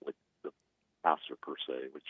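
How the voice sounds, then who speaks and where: A man's voice: very deep voice, steady tone, normal speed, breathy edge, no room sound. A man calling into a show, rambling in a friendly way as he signs off. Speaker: caller. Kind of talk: casual phone call. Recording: tinny phone line.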